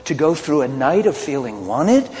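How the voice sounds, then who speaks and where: Pastor, male, lively and blunt storyteller, slightly high voice, big hall reverb with faint room noise. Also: moderate pace. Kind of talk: sermon.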